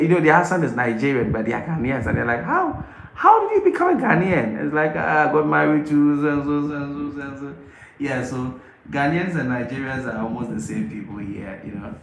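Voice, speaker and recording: Brief: man, channel host on a casual live Q&A, animated, repeats himself a lot, average pitch, roomy echo. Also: slight background noise. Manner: animated, repeats phrases often. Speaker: YouTube channel host answering viewers live. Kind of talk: casual livestream Q&A talk.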